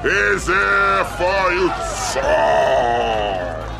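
An actor playing a slow, simple-hearted giant man who speaks in broken English, as a scene from a film. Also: very animated, vocal fry, raised voice, a crowd in the background, exaggerated voice. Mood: simple, friendly. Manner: broken English, rumbling delivery. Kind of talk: film dialogue.

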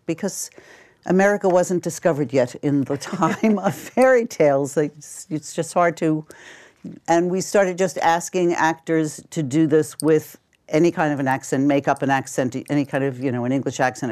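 A woman's voice: low-pitched, a little mellow. An older woman, a casting director, chatting through anecdotes in an interview and acting out bits of dialogue. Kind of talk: interview storytelling.

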